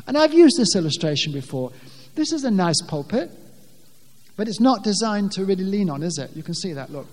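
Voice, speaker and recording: A man preaching a sermon from a pulpit, speaking earnestly in plain words, often restarting his sentences and rising loudly when he quotes scripture. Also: high voice, very animated, fairly quick, long reverb tail. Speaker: pastor. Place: church with a pulpit, long reverb.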